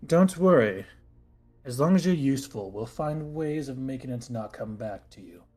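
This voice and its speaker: An aloof knight in polished gold armor gives short, condescending orders, played by a man. His voice sits at an ordinary middle pitch. Soft music plays underneath. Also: expressive, moderate pace, lightly acted. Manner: curt, condescending. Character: cold, commanding male knight in golden armor.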